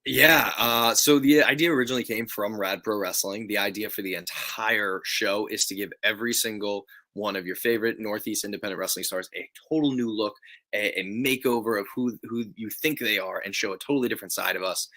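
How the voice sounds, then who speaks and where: A young man, a pro wrestler, chatting as an interview guest over a video call, animated and quick to laugh. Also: fairly low pitch. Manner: animated storytelling, laughs easily. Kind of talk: casual interview chat.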